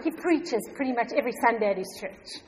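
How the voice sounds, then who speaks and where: A middle-aged woman telling a personal faith story to a congregation, animated and often laughing. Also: on the high side, brisk, a crowd in the background. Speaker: church member giving testimony. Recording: long hall reverb.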